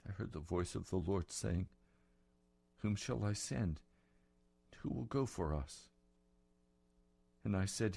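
A man preaching a sermon, retelling scripture dramatically and building to loud, passionate peaks. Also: medium pitch, lively intonation, a little slow, gravelly, long pauses, no echo.

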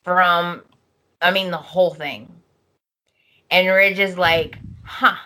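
Young woman co-host, casual recap chat, low-ish bright voice, unhurried. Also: fairly even intonation. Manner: slow, chatty, acts out lines in changing voices. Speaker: podcast co-host.

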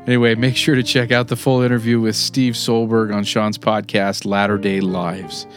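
A man's voice: lowish voice, level tone, moderate pace, soft background music. A man hosting a podcast, closing the episode in an easygoing way and asking listeners for reviews. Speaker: podcast host. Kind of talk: show outro.

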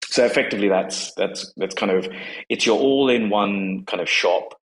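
A man with a very low, deep voice talks casually as a guest about his work. He is in his forties and hesitant, his sentences full of fillers, restarts and repeated words. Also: normal speed, low-quality recording. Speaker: guest, company co-founder. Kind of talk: casual conversation on a live audio space.

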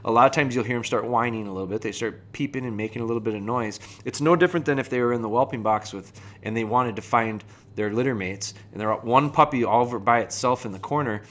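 A man hosting a podcast, explaining puppy training in a relaxed, conversational way, with fillers and restarts. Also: mid-range voice, fast, hardly any pauses. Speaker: podcast host and dog trainer. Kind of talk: casual podcast talk.

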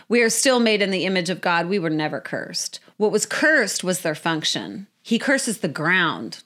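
A woman giving a casual, animated Bible teaching who often repeats her phrases. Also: mid-range voice.

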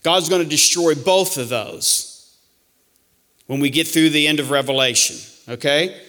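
A man preaching a sermon to his church, alternating emphatic warnings with hushed, slower asides. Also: a little high. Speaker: pastor.

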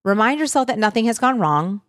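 A woman's voice: on the high side, animated, a little fast, fairly bright tone, no room sound, studio quality. A woman weight loss coach giving an earnest, reassuring talk straight to her listeners. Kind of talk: motivational talk to viewers.

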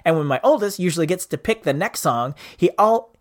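Playful middle-aged podcast host, lively pitch. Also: male voice, quick pace, noisy background. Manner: playful, goofy, stumbles over names. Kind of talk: jokey casual chat.

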